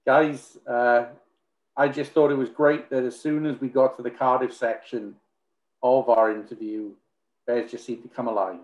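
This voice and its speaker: A man's voice: mid-range voice, steady tone, moderate pace, a little mellow. A man hosting an interview, closing it out with thanks and frequent hesitant fillers. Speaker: podcast host. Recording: roomy, dull lo-fi sound.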